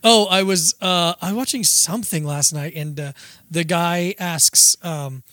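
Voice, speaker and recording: A man with a high, bright, forceful voice co-hosts a comedy podcast in loose, profane banter. He laughs a lot and acts out stories. The sound is dry and close to the mic. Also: unhurried, no echo. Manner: laughs often, profane, animated storytelling. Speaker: podcast co-host. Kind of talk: casual comedic chat.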